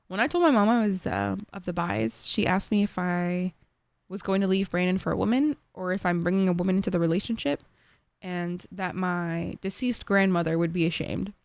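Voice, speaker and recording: A young woman with an Egyptian accent, streaming live and chatting casually with her viewers in an animated way, laughing easily. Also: fairly low pitch, moderate pace, vocal fry, clear, resonant tone, no echo.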